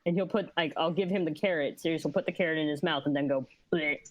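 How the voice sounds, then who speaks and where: A woman's voice: low-pitched, rapid-fire, dry recording. A woman player in casual chat, telling stories in a rambling, amused way.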